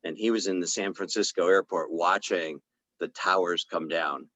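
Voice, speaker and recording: A man, a chiropractor, telling a story in a relaxed conversational way, acting out the dialogue and using plenty of fillers. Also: sits low, normal speed, dry recording, poor audio. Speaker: chiropractor speaking on a health podcast. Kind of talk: casual storytelling talk.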